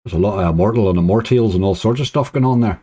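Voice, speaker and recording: A man's voice: on the low side, fast talker, dark tone, slightly rough. A man casually commenting on his slot play, chatty and cheering when bonuses land. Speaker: slots streamer.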